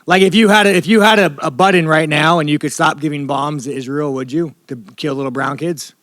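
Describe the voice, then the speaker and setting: A man's voice: a little high, fairly even intonation, a little fast, fairly bright tone, no echo, clean studio sound. A man from the United States, a professional fighter at a press scrum, talking in a blunt, rambling, profane way. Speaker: professional fighter at media day.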